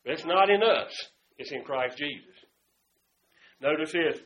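Preacher guy, high voice, gets loud then real quiet, muffled lo-fi recording. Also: animated, measured pace, roomy sound, a little hiss or hum. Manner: fervent, swings between loud outbursts and hushed asides. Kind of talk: sermon. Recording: dull lo-fi sound.

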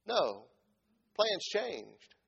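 A middle-aged man preaching a sermon in a folksy way, dropping from quiet talk to loud shouted peaks. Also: high voice, sing-song, drawn-out words, gravelly, husky, highs cut off.

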